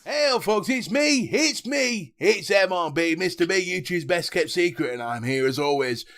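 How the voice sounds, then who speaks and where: Animated man, lively pitch. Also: normal speed, slight background noise. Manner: animated, laughs often, jokey. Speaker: podcast co-host. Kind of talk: casual podcast chat.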